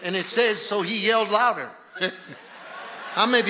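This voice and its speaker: A man preaching a revivalist sermon as a guest preacher in a church, swinging from shouting to hushed intensity. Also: sits high, normal speed. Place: church sanctuary. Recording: reverberant church hall, faint room noise.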